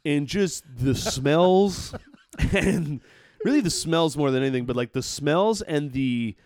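A man's voice: a little high, animated, slow, a little mellow, no room sound. A man co-hosting a casual podcast, ranting with heavy swearing. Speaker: podcast co-host. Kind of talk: casual chat.

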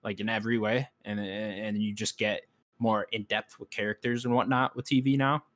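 A man co-hosting a gaming podcast in casual chat, talking in a relaxed, rambling way with many fillers. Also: fairly low pitch, a little fast. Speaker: podcast co-host.

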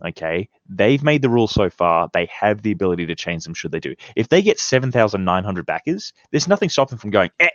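Male co-host, low and lively voice, dry, lo-fi recording. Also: fast, few pauses, no room sound. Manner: animated, acts out imagined quotes. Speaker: podcast co-host. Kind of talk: casual chat.

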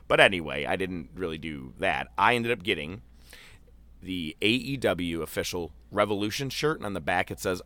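Low, bright-voiced man telling a story. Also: moderate pace. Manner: loose and animated, with swearing and filler words. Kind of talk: casual storytelling chat.

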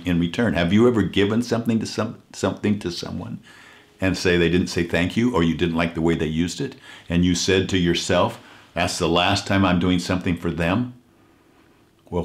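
A man giving an earnest inspirational talk, telling a story and slowing down to stress key points. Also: low voice. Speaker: motivational speaker.

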